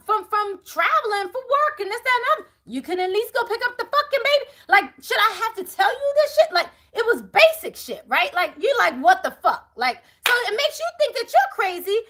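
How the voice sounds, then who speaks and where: A woman's voice: very high voice, sharp tone. A woman speaking as a tarot reader to her viewers, blunt and profane, laughing often. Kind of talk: animated monologue to viewers.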